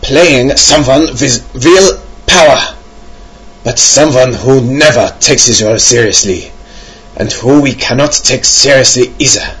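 A man's voice: medium pitch, unhurried, fairly bright tone, husky, rough recording. A man reading out a listener's message in a put-on German accent, stiff and exaggerated. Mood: mock formal. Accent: mock German. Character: male listener read in mock German accent.

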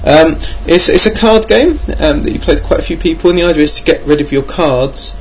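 Gravelly podcast host. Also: male voice, on the high side, brisk, slight background noise. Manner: rambling, self-mocking, many ums. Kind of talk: casual podcast monologue. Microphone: home computer mic.

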